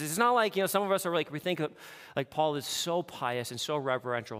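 A man preaching a sermon, animated, moving between hushed and loud passages. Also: fairly high pitch, fairly quick, long reverb tail. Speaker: pastor.

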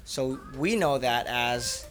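A father talks with his children at home, patient and unhurried, asking one question after another. The recording is noisy, with a steady hiss behind his voice. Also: mid-range voice. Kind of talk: casual family chat.

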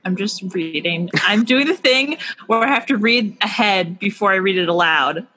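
A woman's voice: medium pitch, lively intonation, moderate pace, bright, forceful tone. A woman co-hosting a book podcast in casual chat, giggly and stumbling over words when reading aloud. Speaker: podcast co-host.

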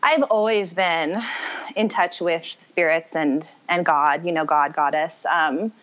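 A woman with a fairly low voice shares her personal story as a podcast guest, circling back and restarting her sentences as she talks. The sound is dull and lo-fi, with the top end cut away. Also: slow pace. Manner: rambling, self-correcting, animated storytelling. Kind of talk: personal testimony in conversation. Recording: muffled lo-fi audio.

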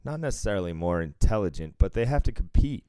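A man's voice: fairly low pitch, animated, fast, mellow, smooth, dry recording. A man from Cambridge, Massachusetts, chatting casually, cursing freely and laughing often. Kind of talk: casual chat.

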